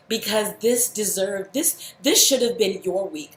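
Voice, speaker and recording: A woman's voice: mid-range voice, a little slow, few pauses. A woman speaking straight to the camera in a heartfelt, earnest way, holding back tears and at times scolding with fired-up intensity. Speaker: vlogger. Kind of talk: emotional direct-to-camera address. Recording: roomy echo.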